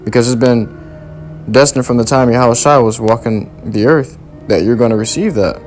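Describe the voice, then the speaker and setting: A man preaching a sermon, reading scripture aloud and driving points home in forceful, repetitive, slangy talk. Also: medium pitch, normal speed, slight background noise.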